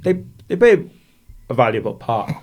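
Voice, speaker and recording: Here the Welsh ex-boxer's mid-range voice swings widely in pitch at a normal speed, with a slightly mellow quality. He laughs as he rambles through stories, chatting casually as a podcast interview guest.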